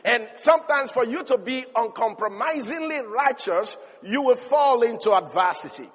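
High-voiced preacher in an echoing hall. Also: male voice, moderate pace, breathy edge. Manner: animated storytelling, building to emphatic shouts. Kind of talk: sermon. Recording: long hall reverb.

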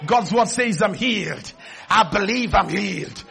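A man preaching a sermon, often shouting and calling on the congregation to respond. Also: high-pitched, unhurried, vocal fry, husky. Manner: shouting, call-and-response exhortation.

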